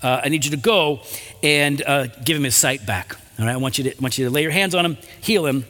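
A man voicing a calm divine male figure who gives direct instructions. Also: mid-range voice, quick pace, in a large hall, voice pushed down, natural voice.

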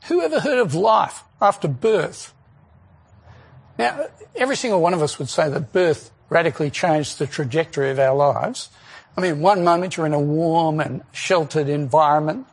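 Gravelly, husky-voiced male preacher. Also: on the high side. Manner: earnest, rhetorical questions, emphatic pauses. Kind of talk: sermon.

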